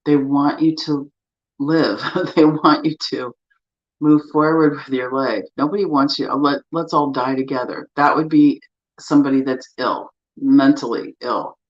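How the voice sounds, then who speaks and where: A woman coaching listeners through grief with a gentle, soothing, encouraging manner and guided tapping. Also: low-pitched, measured pace. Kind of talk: guided self-help talk with tapping. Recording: slightly dull lo-fi sound.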